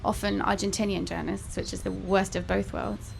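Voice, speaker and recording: A woman's voice: mid-range voice, level tone, fairly quick, vocal fry, soft background music. A young woman author chatting candidly at a bookshop event, telling wry stories about her travels. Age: young adult. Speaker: author guest.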